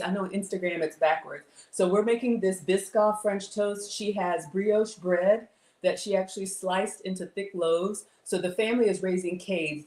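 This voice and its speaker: A woman's voice: mid-range voice, darkish tone, echoey room. A middle-aged woman, hosting a live cooking stream and chatting casually with viewers, reading their comments aloud. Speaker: livestream cooking host. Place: home kitchen.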